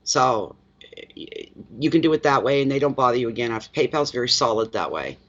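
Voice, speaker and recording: A man's voice: mid-range voice, expressive, brisk, a bit bright. A man hosting a tarot-reading livestream, chatting casually with viewers in a rambling way and laughing easily. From eastern Canada. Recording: dull lo-fi livestream audio.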